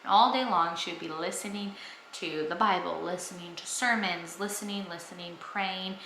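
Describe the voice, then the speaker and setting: A woman's voice: on the low side, moderate pace, a bit bright, roomy sound, a little hiss or hum, low-quality recording. A young woman vlogging at home, talking earnestly and enthusiastically about her faith to the camera. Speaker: family vlogger. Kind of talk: casual faith talk to camera.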